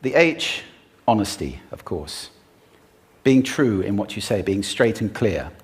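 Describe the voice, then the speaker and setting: A man giving a prepared public talk, delivering it emphatically with dramatic pauses. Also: lowish voice, sing-song.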